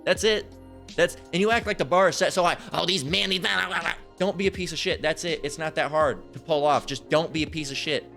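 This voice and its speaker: A man's voice: a little high, fairly quick, fairly bright tone, faint music behind. A man preaching over a Bible passage in a crude, profane rant. He stammers, restarts often and keeps asking "right?". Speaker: street preacher.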